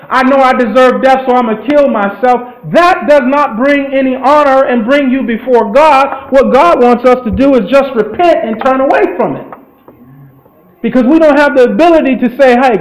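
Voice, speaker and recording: A man's voice: very high-pitched, roomy sound, rough recording. A man preaching a sermon, retelling scripture in an earnest storytelling way with loose grammar.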